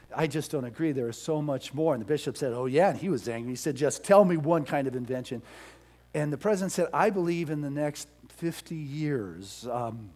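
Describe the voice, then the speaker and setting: Middle-aged guy preaching a sermon, kinda high voice, goes quiet then loud when he makes a point. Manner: storytelling, swings between soft asides and loud emphatic peaks. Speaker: pastor.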